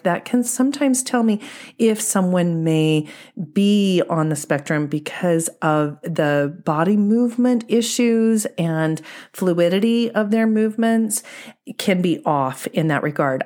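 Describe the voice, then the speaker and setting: A woman dating coach speaking a podcast monologue in a steady, explanatory and measured way. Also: fairly low pitch.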